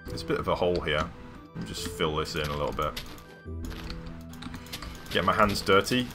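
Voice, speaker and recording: A man's voice: low-pitched, moderate pace, music in the background. A man live-streaming a building game, chatty and rambling, with playful sound-effect interjections. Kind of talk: casual live game commentary.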